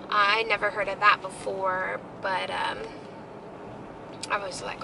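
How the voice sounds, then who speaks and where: A woman's voice: medium pitch, flat delivery, slow, gravelly, noisy background. A young woman telling a heartfelt story in a casual family vlog, rambling with many fillers. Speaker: family vlogger.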